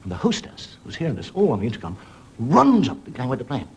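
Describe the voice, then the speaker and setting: Wry storytelling man, lively pitch. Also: quick pace, breathy edge. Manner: dry, wandering anecdotes with put-on voices for characters. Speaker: comedian host. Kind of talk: stand-up storytelling monologue. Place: television studio before a live audience.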